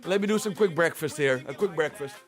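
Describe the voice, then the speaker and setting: High-voiced chatty male streamer. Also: fairly quick, soft background music. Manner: chatty, rambling, repeats himself. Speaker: livestream host. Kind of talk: casual livestream commentary. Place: at home, streaming.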